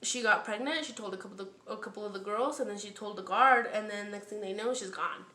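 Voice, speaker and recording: A woman's voice: medium pitch, quick pace, roomy sound, noisy background. A woman in a casual storytime vlog, chatty and profane, full of "like" and acted-out quotes. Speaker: storytime vlogger.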